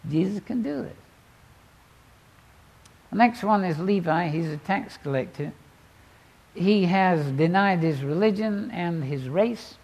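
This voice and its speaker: A male preacher with a gravelly, husky voice that rises and falls in a lively sweep. He tells the story with drama, moving from loud bursts to quiet asides. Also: fairly high pitch. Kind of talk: sermon.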